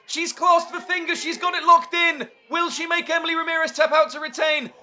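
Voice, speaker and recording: A man calling a wrestling match play by play, excitable and shouting at the big moves. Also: very high voice, brisk, hardly any pauses. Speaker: wrestling commentator. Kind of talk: play-by-play commentary.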